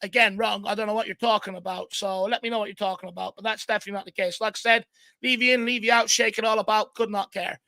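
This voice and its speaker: A man's voice: high voice, steady tone, quick pace, gravelly, sharp tone, dry recording. A man hosting a live fan stream, upbeat and chatty, full of fan slang. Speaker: host. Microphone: computer mic on a live stream.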